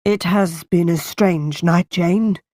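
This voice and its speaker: A woman reading the part of a brooding gentleman in a storybook, speaking slowly and gravely, lower than her own voice. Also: dry recording, clean studio sound. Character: brooding gentleman master of the house.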